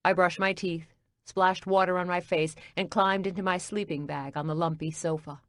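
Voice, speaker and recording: A woman reading a cozy mystery audiobook as narrator, in a calm, even storytelling manner. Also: on the low side, normal speed, dry recording, clean studio sound.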